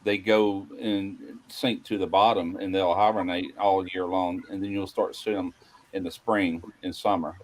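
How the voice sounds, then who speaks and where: A man's voice: deep voice, little pitch movement, a little slow, slight background noise, rough recording. A man from Mississippi, telling rambling stories in a casual chat, full of "anyway" and "you know.". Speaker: podcast host.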